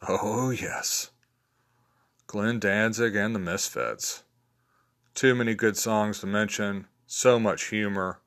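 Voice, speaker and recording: Low-voiced man rambling about favorites. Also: measured pace, a bit bright. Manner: rambling, low-key, many fillers and restarts. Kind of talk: casual spoken list of favorites.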